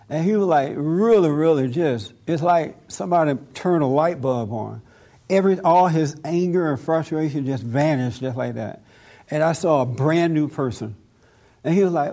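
Man, testimony storyteller: gravelly, mellow delivery, plays both voices of a remembered talk. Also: on the high side, normal speed. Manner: relaxed storytelling, acts out both sides of a dialogue. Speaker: Christian speaker telling a testimony.

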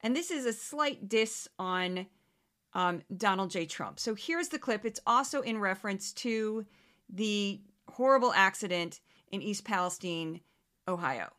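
Woman host, bright, crisp voice, animated and sarcastic, casual monologue. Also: medium pitch, unhurried. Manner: animated, sarcastic, mimics others in exaggerated voices. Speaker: podcast host.

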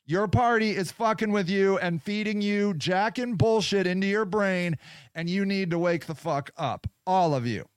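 A man hosting a podcast, delivering a profane, combative political rant that swings between loud jabs and muttered asides. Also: high-pitched, moderate pace, clear, resonant tone, dry recording, studio quality. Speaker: podcast host.

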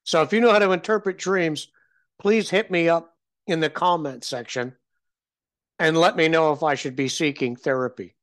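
A man's voice: a little high, moderate pace. A middle-aged man hosting a podcast, telling a story and opening the show in a rambling, self-mocking way. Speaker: podcast host. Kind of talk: casual storytelling and show intro.

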